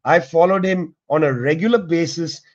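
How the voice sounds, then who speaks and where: A man's voice: on the high side, moderate pace, dull audio. A middle-aged man giving impassioned political commentary as a guest historian, speaking emphatically and addressing listeners directly.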